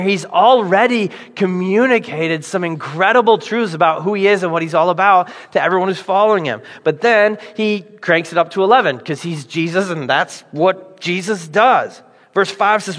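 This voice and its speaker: A male pastor preaching a sermon, telling stories with animated, playful voices for the people in them. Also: fairly high pitch, moderate pace. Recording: long hall reverb.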